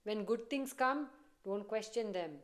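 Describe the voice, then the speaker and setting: A woman's voice: mid-range voice, unhurried. A woman giving a casual tarot reading, chatty and repetitive, often breaking into laughter. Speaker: tarot reader.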